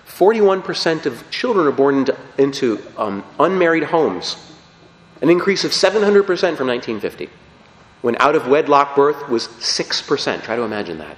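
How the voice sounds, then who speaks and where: Man, preacher, lively pitch, emphatic sermon, long reverb in a big hall. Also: moderate pace. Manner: animated, emphatic, frequent "okay?" check-ins.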